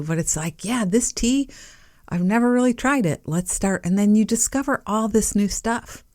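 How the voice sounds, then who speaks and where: A woman host speaks slowly and softly in a mellow, fairly low voice. She muses gently to her listeners with playful little asides. The sound is close and dry. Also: dry recording. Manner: soft, warm-hearted, musing, with playful asides and small laughs. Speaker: podcast host. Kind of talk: gentle reflective talk to listeners.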